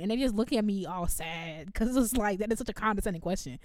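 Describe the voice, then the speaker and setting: A woman, co-hosting a casual chat and telling animated stories as a former music teacher. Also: mid-range voice, racing, no echo, studio quality. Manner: animated storytelling, quoting herself.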